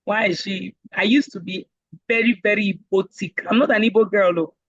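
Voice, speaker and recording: Nigerian lady teaching a class online, jokey and animated, audio kinda muffled and dry. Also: medium pitch, a little fast, no echo. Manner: lively and joking, acts out quoted voices. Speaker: IELTS speaking instructor. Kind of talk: casual online class lecture.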